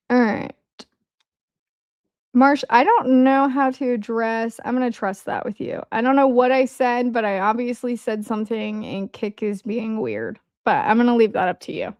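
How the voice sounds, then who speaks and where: A woman's voice: on the high side, no echo. A woman with a Midwestern American accent hosting a casual livestream, chatting and joking with her viewers. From Midwest of the United States. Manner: chatty, joking asides to chat. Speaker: livestream host.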